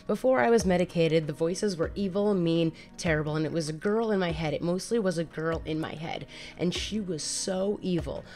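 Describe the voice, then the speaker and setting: A woman in her thirties tells her own story in a candid, chatty vlog and circles back to repeat her points. Her voice sits a little low. Soft music runs faintly underneath. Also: normal speed. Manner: candid, conversational, repeats phrases. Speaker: mental health advocate and vlogger.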